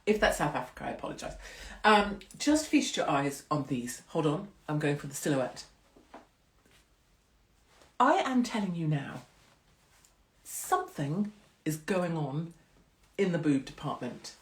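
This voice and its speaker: A woman's voice: low voice, very animated, slow pace, long pauses, roomy sound. A middle-aged woman hosting a live stream from home, chatting with viewers in a rambling, self-mocking way and swearing freely. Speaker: host of a live social-media stream. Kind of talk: casual chat with live viewers.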